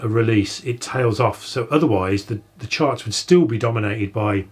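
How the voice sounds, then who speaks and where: A man, co-hosting a music podcast, explaining things in a measured way. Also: fairly low pitch, breathy edge. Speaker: podcast co-host. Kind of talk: casual chat.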